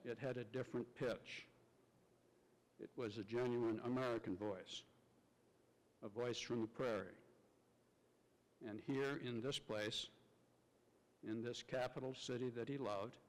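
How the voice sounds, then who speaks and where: A man in the middle of the male pitch range speaks in a measured, stately ceremonial manner. His voice carries a long reverb from a large hall. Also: fairly even intonation. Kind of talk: formal ceremonial narration.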